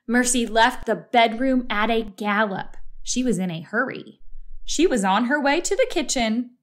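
A woman reading a children's storybook aloud in a slow, expressive, deliberate way. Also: a little high. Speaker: story reader.

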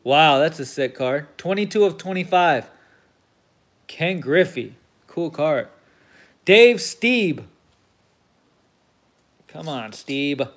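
High voiced dude opening card packs, slow and laid back, names every player, swears a bit. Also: male voice, lively intonation. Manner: reels off player names, gets hyped at big pulls, swears casually. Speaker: host of a card break stream. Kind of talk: casual commentary while opening card packs.

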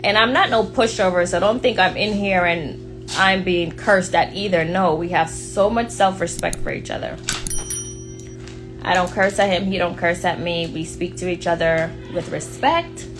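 A woman's voice: on the low side, steady tone, normal speed, over music. A woman with a Jamaican accent chatting casually to viewers, blunt, outspoken and playful. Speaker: vlogger talking to viewers. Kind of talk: casual chat.

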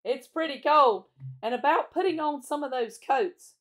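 A woman's voice: high voice, normal speed, a bit bright, pitched above the performer's own voice. A woman reading aloud and voicing a sensible English schoolgirl, practical and a little complaining.

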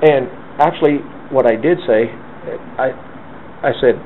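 A man in his fifties telling a lively story in an oral history interview, acting out the lines of the people in it. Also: medium pitch, a little slow. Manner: lively anecdotal storyteller, acts out quoted lines. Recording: narrow phone-like band with faint hiss.

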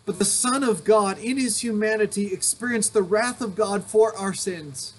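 A man's voice: high-pitched, normal speed, a little hiss or hum. A male pastor giving an earnest, emphatic sermon recorded at home, returning to repeated refrains. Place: home during a thunderstorm.

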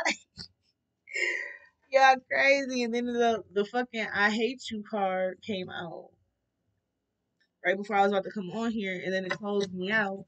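A woman's voice: medium pitch, steady tone, moderate pace, fairly bright tone. A woman giving a casual tarot reading, blunt and profane, talking animatedly to her viewers. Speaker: tarot reader.

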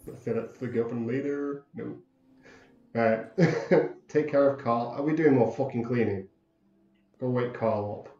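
Let's-player, mellow, joking and profane, dull-sounding mic. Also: male voice, medium pitch, slow, long pauses, echoey room. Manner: swearing, joking banter at the game. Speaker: gamer. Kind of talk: let's play commentary. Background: game music.

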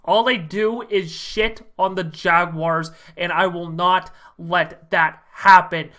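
A man playing a self-proclaimed male expert fan plugging his tiny podcast in a boastful sales pitch. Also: steady tone, slow, bright, forceful tone, full character voice.

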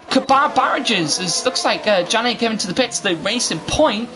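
A man's voice: high voice, lively intonation, normal speed, hardly any pauses, bright, forceful tone, a little hiss or hum. A man doing live sim racing commentary, chatty and rambling, often restarting his sentences. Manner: rambling, self-interrupting, chatty. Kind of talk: live esports race commentary.

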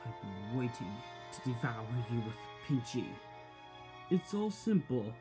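A man's voice: mid-range voice, big pitch swings, a little slow, music in the background. A man doing a gloating villain diesel engine. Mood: menacing. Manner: gloating, sneering.

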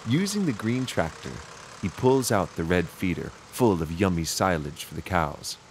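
A man's voice: low voice, lively intonation, moderate pace, a little hiss or hum. A man narrating a children's video, pointing things out to young viewers in a sing-song way.

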